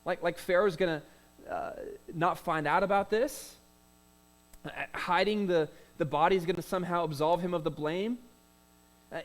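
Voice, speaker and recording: A man's voice: high voice, rough recording. A man preaching a sermon as pastor, in a conversational way with rhetorical questions, "uh" fillers and repeated words.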